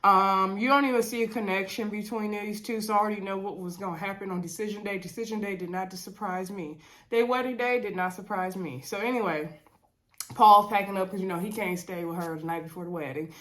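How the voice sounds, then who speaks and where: A woman's voice: mid-range voice, brisk. Woman with a stuffy head, casual vlog recap, laid-back, chatty, says "y'all" a lot. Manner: relaxed Southern-leaning casual talk with fillers and "y'all". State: congested from a cold. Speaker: reality TV recap vlogger.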